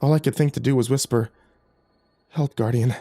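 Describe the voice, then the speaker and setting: A man narrating a first-person horror story in a measured, tense way. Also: medium pitch, steady tone, vocal fry, warm tone, no room sound.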